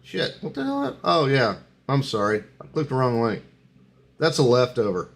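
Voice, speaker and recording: A man's voice: medium pitch, wildly swooping pitch, moderate pace, creaky. A man hosting a headline quiz on a live talk show, joking and announcing in a playful way. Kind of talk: casual live show chat.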